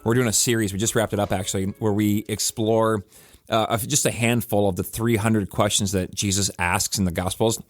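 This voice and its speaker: Speaking a little fast with fairly even intonation, a pastor with a lowish voice reflects on his sermon in an earnest, conversational podcast chat. He emphasizes points by restarting phrases, over soft background music and with no echo.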